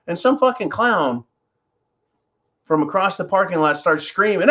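A podcast host tells his listeners a personal story in a blunt, profane, worked-up monologue. His high voice is animated and sharp, a little slow, with frequent pauses.

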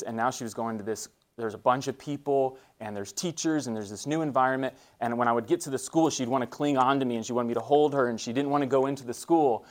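Earnest man giving a faith talk. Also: medium pitch. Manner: conversational, earnest, frequent fillers and restarts. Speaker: guest speaker at a school. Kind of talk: motivational faith talk to students.

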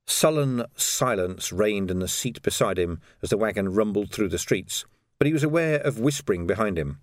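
A man reading a novel aloud as narrator in a measured, expressive way. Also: lowish voice, dry recording, studio quality. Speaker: audiobook narrator. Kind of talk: scripted narration.

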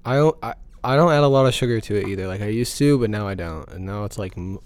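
A man's voice: lowish voice, fast talker, a little mellow, no echo. A teenage boy chatting casually on a student podcast, rambling with lots of fillers. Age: teens. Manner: rambling, full of "like" and "um". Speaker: podcast guest or host. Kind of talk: casual chat. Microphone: podcast microphone.

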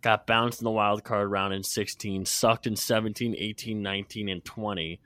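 A man's voice: lowish voice, steady tone, moderate pace, bright, forceful tone, dry recording. Nasal congested man on a podcast. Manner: blunt, swears casually. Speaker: podcast co-host. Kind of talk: casual sports chat.

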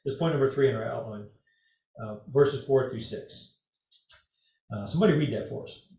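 A man's voice: medium pitch, normal speed, gravelly, warm tone, a little hiss or hum. A man teaches a small group Bible study, talking conversationally with fillers and a teasing edge. He sounds far from the mic, in a roomy space. The recording is somewhat dull.

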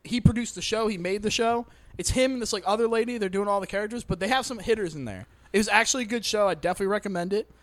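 A man's voice: sits high, racing, few pauses. A man in casual podcast chat, rambling and swearing freely about movies and shows. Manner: crude, rambling, swears a lot.

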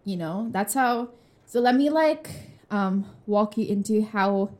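A woman's voice: medium pitch, unhurried, a little mellow. A young woman co-hosting a podcast in casual chat, candid and full of fillers. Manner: chatty, filler-heavy, candid and laughing. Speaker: podcast co-host. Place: room with a glass wall.

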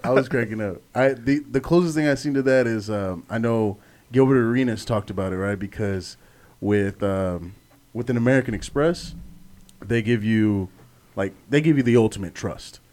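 A man's voice: fairly low pitch, moderate pace, a little mellow. Profane laid-back male podcast co-host. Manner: loose, profane, laughs a lot. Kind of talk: casual chat.

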